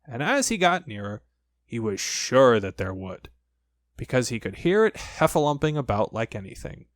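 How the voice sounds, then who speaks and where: A man reading a children's storybook aloud, with lively, expressive storytelling. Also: medium pitch, moderate pace, dry recording, studio quality. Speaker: audiobook narrator.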